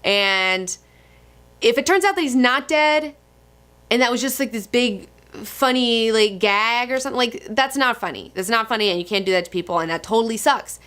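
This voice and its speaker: A young woman reviewing comics in a bright, fairly high voice, gushing and excitable. Her delivery is loose and profane, with lots of fillers. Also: moderate pace, smooth. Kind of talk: casual commentary.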